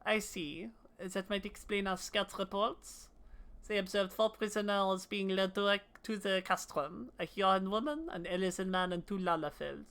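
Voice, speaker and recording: A man's voice: high-pitched, normal speed, a bit bright, clean tone. A woman doing a pompous courtly lord.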